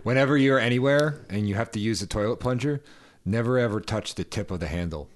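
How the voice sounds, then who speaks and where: A man co-hosting a podcast in casual chat, blunt and deadpan, mostly giving short agreeing replies. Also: on the low side, fast talker. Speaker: podcast co-host.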